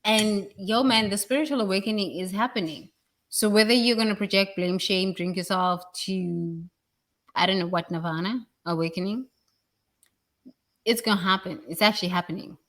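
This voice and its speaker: A woman giving a blunt, emphatic spiritual talk, with sudden loud bursts. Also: medium pitch, normal speed. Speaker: spiritual speaker.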